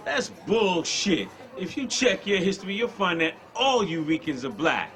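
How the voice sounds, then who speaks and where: A hostile, jeering heckler. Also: male voice, sits high, big pitch swings, moderate pace, fairly bright tone, heavily acted. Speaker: heckler in the audience.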